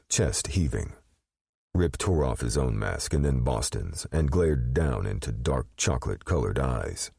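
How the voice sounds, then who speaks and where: A man narrating an audiobook in a measured, expressive storytelling manner. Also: a bass voice, gravelly, slightly rough, no room sound, clean studio sound.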